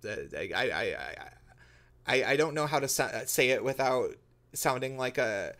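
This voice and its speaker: A man's voice: medium pitch, animated, moderate pace, fairly bright tone. A man talking straight to his channel's viewers in a loose, rambling monologue, often restarting his sentences. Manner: rambling, many restarts and fillers. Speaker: YouTuber.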